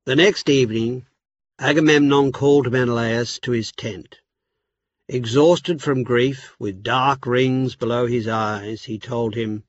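Slow, measured male storyteller. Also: mid-range voice, steady tone, no room sound, highs cut off. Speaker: narrator. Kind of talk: scripted audiobook narration.

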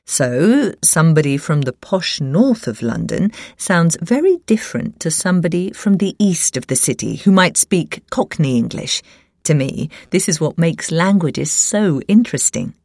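A woman reading an essay aloud as scripted narration, measured and carefully enunciated. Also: sits low, big pitch swings, darkish tone, no echo, studio quality. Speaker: essay reader.

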